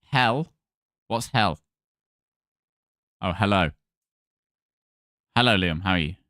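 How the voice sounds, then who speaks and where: A man's voice: low-pitched, takes it slowly, bright, forceful tone, no room sound, studio quality. Chatty man streaming games. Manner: chatty, thanks followers by name. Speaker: livestream gaming host. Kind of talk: casual livestream chat with viewers.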